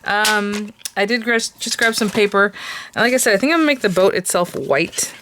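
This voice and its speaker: A woman's voice: medium pitch, animated, normal speed, fairly bright tone. A woman hosting a casual crafting tutorial, chatting and thinking aloud with plenty of hesitant fillers.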